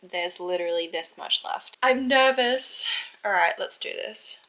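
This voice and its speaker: Bright-voiced young woman vlogging. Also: on the low side, little pitch movement, normal speed, faint music behind. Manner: emotional, dramatic reactions with frequent swearing. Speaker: reading vlogger. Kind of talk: casual vlog chat.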